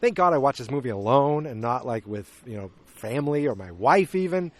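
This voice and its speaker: Talking a little fast in a mid-range voice, a middle-aged podcast host recaps a movie casually. His storytelling is animated, and he acts out the scenes as he goes.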